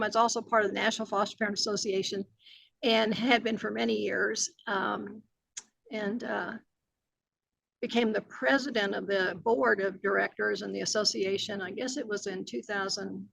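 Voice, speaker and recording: Gravelly older woman. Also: medium pitch, steady tone, normal speed, a bit bright, no room sound, poor audio. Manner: earnest, many fillers and restarts. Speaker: retired foster care agency director. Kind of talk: reflective interview answers.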